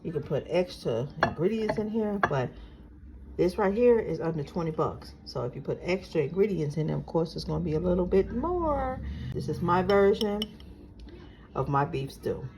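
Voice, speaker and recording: With a lowish, expressive voice at normal speed, a regular cooking vlogger chats her way through her home cooking, guiding viewers one step at a time. Background noise and the clatter of pots and dishes come from her home kitchen.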